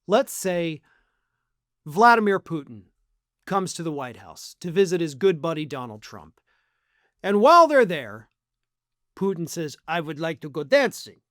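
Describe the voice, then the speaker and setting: A man's voice: on the high side, fairly bright tone, dry recording, studio quality. A man hosting online political commentary in a sarcastic, mocking manner. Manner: sarcastic, mocking, acts out quotes.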